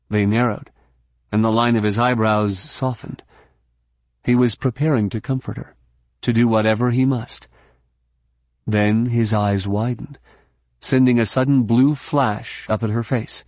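A man reading a novel aloud as narrator, in a measured, even storytelling manner into a close mic. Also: lowish voice, dry recording. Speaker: audiobook narrator. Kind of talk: scripted narration.

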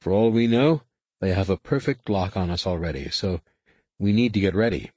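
A man's voice: low voice, expressive, moderate pace, darkish tone, dry recording. A man voicing a stern, commanding teenage male Jedi who speaks in a firm, clipped way.

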